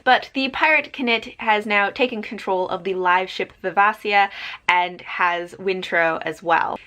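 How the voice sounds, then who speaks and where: A woman's voice: medium pitch, bright, forceful tone. A young woman giving a casual spoken book review as host of her channel, chatty and loose with fillers.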